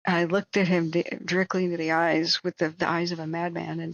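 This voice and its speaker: Animated woman telling a rambling story. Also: lowish voice, brisk, creaky, highs cut off. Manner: animated, rambling, acts out quotes with shrieks and laughs. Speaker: livestream host. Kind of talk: casual storytelling on a livestream.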